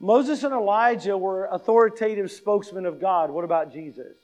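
Male pastor, high voice, sermon, emphatic, repeats key lines, questions for the congregation. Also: brisk, darkish tone, poor audio.

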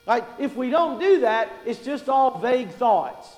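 A man delivers a sermon in a high voice, talking to his congregation in a conversational way and asking them questions. He slows down to stress his main points. The recording rings with the long reverb of a large church hall. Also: lively intonation, a little mellow. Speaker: preacher.

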